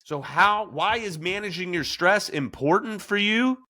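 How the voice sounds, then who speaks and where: A man's voice: sits high, lively intonation, unhurried, pushed and bright. A man hosting a podcast in a casual discussion, telling stories with animation and acting out quoted lines. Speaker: podcast host.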